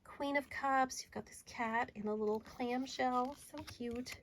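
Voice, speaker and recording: An adult woman showing off her tarot and oracle decks in a casual video, chatty and enthusiastic, sometimes dropping to a soft murmur. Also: sits high, fairly even intonation, measured pace, slight background noise, rough recording. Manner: chatty and enthusiastic, drifting to soft murmurs while handling cards. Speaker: tarot reader and deck reviewer. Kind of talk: casual show-and-tell video.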